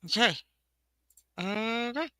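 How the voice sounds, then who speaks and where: A woman's voice: fairly high pitch, expressive, slow pace, sharp tone, dry recording. A woman hosting a casual livestream, flustered and apologetic, talking to herself and laughing often. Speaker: livestream host for teaching-resource sellers.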